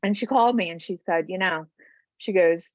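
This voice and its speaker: A woman's voice: fairly low pitch, fairly quick, no room sound. A middle-aged woman, a guest on a podcast, telling her own story with feeling and acting out other people's words as she goes. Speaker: guest, bereaved mother. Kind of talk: emotional personal storytelling. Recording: dull lo-fi podcast audio.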